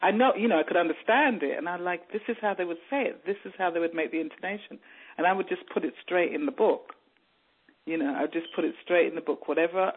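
A woman's voice: fairly low pitch, husky. A woman author, raised in England, tells her story in a radio interview and animatedly mimics the people she overheard. The sound is narrow and tinny, like a phone line. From born in Jamaica, raised in England. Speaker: author guest.

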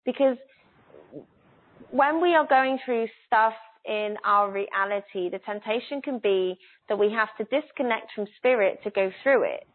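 Soft-spoken woman giving a spiritual reading over a tinny call. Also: a little high. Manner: soft, earnest, coaxing, slows down on key phrases. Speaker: spiritual intuitive guide. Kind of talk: live online spiritual reading. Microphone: laptop on a video call. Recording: tinny phone-like call audio.

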